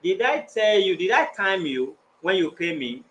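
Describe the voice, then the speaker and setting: A man working as a mediator, speaking firmly and telling a rushed complainant to calm down and speak clearly. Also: high-pitched, highs cut off. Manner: firm, scolding, tells him to calm down. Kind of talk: firm mediation talk.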